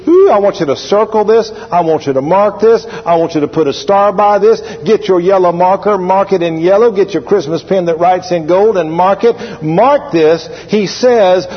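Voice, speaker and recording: A man preaching a sermon as pastor, animated and drawling, repeating phrases for emphasis. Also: sits high, moderate pace, hardly any pauses, slightly rough. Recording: lo-fi recording with long hall reverb.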